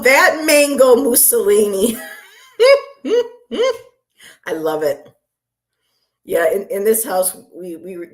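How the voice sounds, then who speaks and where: A chatty woman with a low voice talks to her livestream viewers as a tarot reader. She speaks slowly and unhurriedly, greeting people by name and laughing easily along the way. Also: warm tone. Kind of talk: casual livestream chat.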